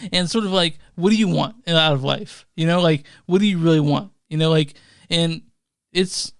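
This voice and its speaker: A man's voice: fairly high pitch, gravelly, smooth, dry recording, studio quality. A man co-hosting a movie podcast, talking casually and agreeably, reflecting on a film. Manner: agreeable, quick to laugh, reflective. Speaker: podcast co-host. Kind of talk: casual movie review chat.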